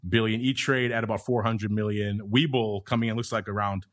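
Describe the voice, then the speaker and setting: A man's voice: lowish voice, steady tone, fairly quick. A man hosting a markets podcast, chatty and wry, with asides. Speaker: podcast host. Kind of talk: casual market talk.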